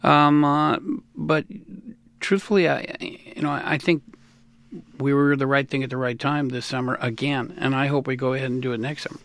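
A man in his sixties from the United States talks as an interview guest, rambling and animated with frequent laughs. His voice has a gravelly rasp at a middling pitch. The sound is close and dry. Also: moderate pace, no echo. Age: 60s. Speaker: musician guest. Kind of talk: casual interview talk.

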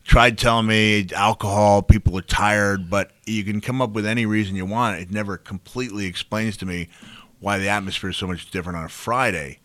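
A man tells stories as an interview guest, rambling and full of fillers. His voice sits low but sounds bright and forceful. The recording is dry and close. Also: a little fast, dry recording. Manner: rambling, animated storyteller with many fillers. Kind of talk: casual interview storytelling.

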